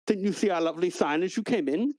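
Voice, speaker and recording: A man's voice: sits high, quick pace, a little mellow, no echo, lightly acted. A man voicing a chirpy, flustered male receptionist at a training academy in a tabletop game. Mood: cheery.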